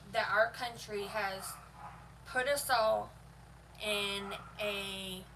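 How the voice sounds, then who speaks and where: A woman's voice: mid-range voice, creaky. A young woman ranting to camera in a heated, profane, emphatic way. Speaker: vlogger. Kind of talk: heated opinion rant to camera. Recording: voice a bit far from the mic, faint noise.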